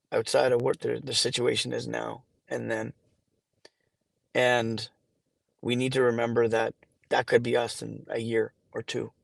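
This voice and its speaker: A man in his forties with a gravelly, fairly level voice, recorded dry and close. He tells his stories haltingly, with frequent restarts, and gets emotional as he goes. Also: medium pitch, no room sound. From Canada. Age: 40s. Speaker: charity founder guest. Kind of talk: podcast interview storytelling.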